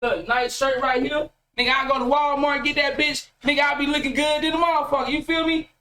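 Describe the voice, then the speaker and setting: A man's voice: very high-pitched, little pitch movement, fairly quick, bright, forceful tone. A middle-aged man, ranting bluntly to his chat from his game room at home and swearing freely. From Mississippi. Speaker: vlogger. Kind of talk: casual profane rant to camera.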